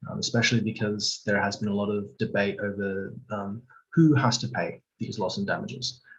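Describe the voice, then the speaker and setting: A man's voice: on the low side, fairly even intonation, normal speed, lo-fi sound. A man on a video call discussing climate finance in a live online panel, hesitant and hedging with lots of fillers. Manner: hesitant, full of fillers and hedges.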